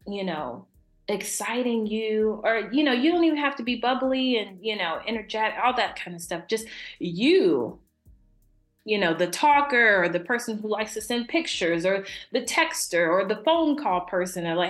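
A woman's voice: medium pitch, animated, normal speed, soft background music. Chatty young woman in an echoey room. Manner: warm, chatty, laughs often. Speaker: podcast guest. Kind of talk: casual faith chat.

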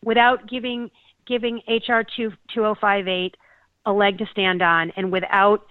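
A woman from Connecticut co-hosting a talk show, speaking earnestly and haltingly with many restarts. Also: mid-range voice, no echo. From Connecticut, USA. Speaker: podcast co-host. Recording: tinny phone-like dry sound.

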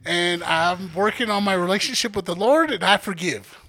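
A man's voice: sits high, normal speed, bright, forceful tone. A young man co-hosting a podcast, telling a story in casual chat with a joking, laid-back manner. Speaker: podcast co-host.

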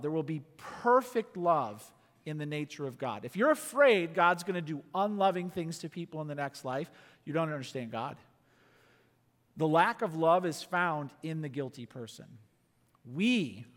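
A man preaching a sermon in an earnest, emphatic way, often dropping to a quiet, intense tone. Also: a little high, big-room sound. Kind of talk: sermon teaching.

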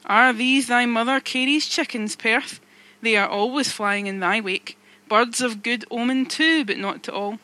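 A woman's voice: fairly high pitch, unhurried, bright, forceful tone, no room sound. A woman voicing a brooding, obsessed old sea captain, declaiming in archaic speech in an audiobook. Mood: intense.

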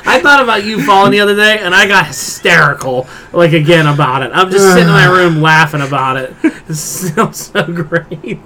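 A man's voice: high-pitched, moderate pace, pushed and bright, a little hiss or hum. Laughing, chatty podcast host man. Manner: laughs a lot while telling stories. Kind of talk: casual chat.

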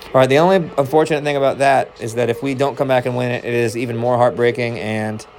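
A man casually commenting on a baseball game as he watches, rambling, joking and swearing, with sudden excited outbursts. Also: medium pitch, fast talker. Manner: rambling, profane, jokey, prone to excited outbursts. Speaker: baseball watch-along streamer.

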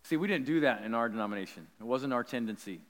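A man's voice: mid-range voice, quick pace. Chatty man preaching in a reverberant hall. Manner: animated, chatty, many likes and ums. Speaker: pastor. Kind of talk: sermon told as a personal story.

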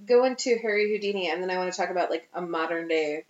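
A woman co-hosting a podcast in casual chat, chiming in with playful jokes and quick asides. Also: fairly low pitch. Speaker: podcast co-host. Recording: roomy, dull lo-fi sound.

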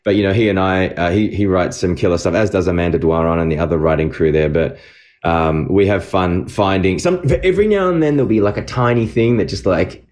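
Deep-voiced man in his forties. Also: a little fast. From Australia. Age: 40s. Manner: chatty, animated, with frequent restarts. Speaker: voice actor guest. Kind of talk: casual interview chat.

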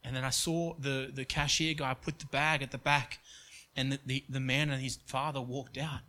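A man's voice: medium pitch, level tone, normal speed, pushed and bright. A young man preaching, telling a story in an earnest way with frequent restarts. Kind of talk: sermon story.

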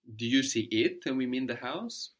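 A man leads a language lesson, patient and methodical. His voice sits at an ordinary middle pitch, and he keeps checking in with a quick "no?" as he walks through each example. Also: animated. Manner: patient, explains step by step, ends points with "no?". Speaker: language teacher.

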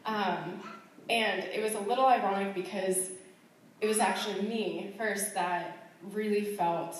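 Unhurried and fairly even in intonation, a woman with a mid-range voice relates her missionary calling in a chatty, laugh-filled testimony heavy with fillers. It's captured in a church hall with strong echo, far from the mic, plus a little hiss or hum.

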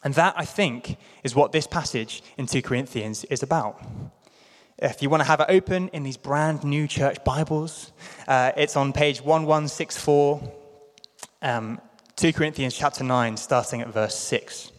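In a church hall with a long reverb tail, a London man with a British accent preaches a sermon. His mid-range voice moves a little slowly, and his style is chatty and self-deprecating, with playful voices put on for quotes.

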